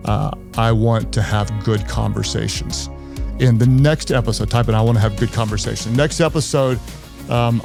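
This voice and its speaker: A man's voice: mid-range voice, gravelly. A man who is a pastor, hosting a leadership podcast in an earnest way and repeating key phrases for emphasis.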